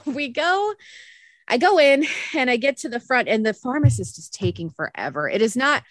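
A young woman telling a story on a podcast, animated and laughing often as she acts out what others said. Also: high voice, normal speed, no room sound. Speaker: podcast co-host. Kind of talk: casual storytelling chat.

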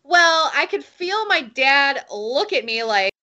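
Animated high-voiced young woman laughing through stories. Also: takes it slowly, lo-fi sound. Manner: animated storyteller, laughs loudly mid-sentence. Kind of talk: casual chat.

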